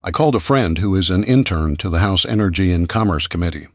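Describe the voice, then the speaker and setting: A man's voice: sits low, expressive, quick pace, no echo. A man voicing a sarcastic, grumbling young woman scientist in an audiobook, with a dry manner. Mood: indignant. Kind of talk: audiobook character voice.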